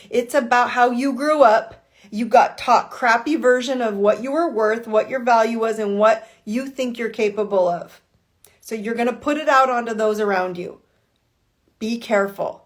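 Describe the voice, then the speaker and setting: Swearing freely and peppering listeners with rhetorical "why" questions, a fairly high-pitched female life coach gives a no-nonsense motivational talk over a live call.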